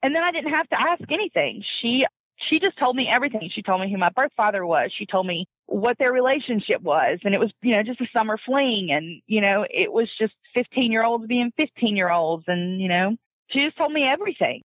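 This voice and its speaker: A woman telling a personal family story in a casual, animated way, often laughing and acting out what others said. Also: on the high side, fairly quick, no echo. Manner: animated, laughs often, acts out quoted voices. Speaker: guest telling her adoption story. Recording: dull lo-fi dry recording.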